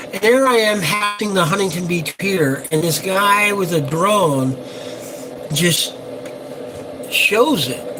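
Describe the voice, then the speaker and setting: A man's voice: on the high side, background noise. An older man, a boat captain, chatting casually on a live stream from his yacht, rambling with lots of fillers.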